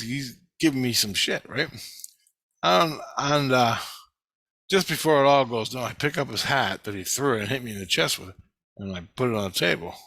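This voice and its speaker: Here a man recounts his dreams at length in a rambling vlog monologue, cursing freely and performing the quoted lines. His voice is medium-pitched and a bit bright, with no room sound.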